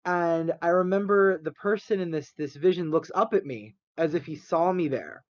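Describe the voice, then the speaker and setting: A man's voice: a little high, moderate pace, no echo, highs cut off. A man co-hosting a podcast, telling a rambling story in a casual chat, laughing often. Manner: animated, rambling, acts out quotes, laughs often. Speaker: podcast co-host.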